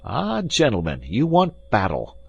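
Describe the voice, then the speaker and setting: A man voicing a bold, quick-witted young swordsman who speaks loudly and commandingly. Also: lowish voice, huge pitch swings, gravelly, slightly rough, muffled recording, voice pushed up, heavily acted. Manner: loud and commanding.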